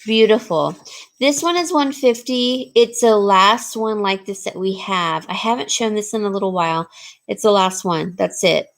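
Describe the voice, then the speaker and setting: A woman's voice: mid-range voice, moderate pace, gravelly. A woman casually showing and describing jewelry for sale, rambling with frequent ums and restarts. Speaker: jewelry seller. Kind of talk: casual jewelry showcase talk.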